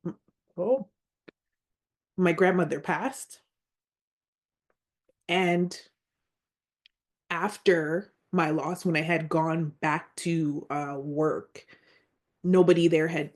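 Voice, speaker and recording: A woman recounts her personal story as a podcast guest in an unhurried, measured way. Her voice sits a little low and stays earnest and heartfelt. At moments she sounds close to tears. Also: steady tone, a little mellow. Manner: heartfelt, earnest, slow and reflective. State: near tears at times.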